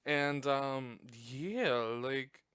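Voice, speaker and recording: This man's medium-pitched voice sounds fairly bright and clean as he hosts a podcast, casually recapping a movie. He's chatty, swears, and laughs often. The recording is dry, made at home on a close desk mic.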